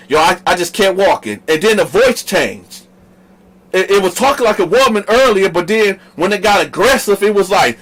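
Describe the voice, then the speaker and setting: A man from the northern United States, the host, telling a story in a casual, animated, slangy way straight to his viewers. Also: high voice, moderate pace, low-quality recording.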